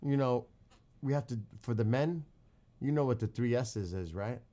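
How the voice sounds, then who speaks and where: A man's voice: mid-range voice, moderate pace, dark tone. A man with a New York accent chatting casually with his live-stream viewers late at night, quizzing the chat and laughing often.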